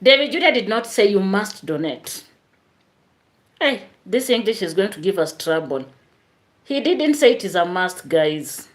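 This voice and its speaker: A woman's voice: medium pitch, very animated, a little slow. A woman hosts a live stream, reading out viewer comments and chatting straight to her viewers.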